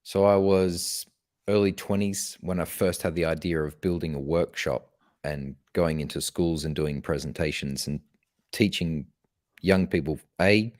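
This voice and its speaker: A man with a very low, deep voice answers interview questions on a podcast. He tells his story in an earnest, measured way. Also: a little mellow, no room sound, clean studio sound. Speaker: podcast guest, motivational speaker. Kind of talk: conversational interview.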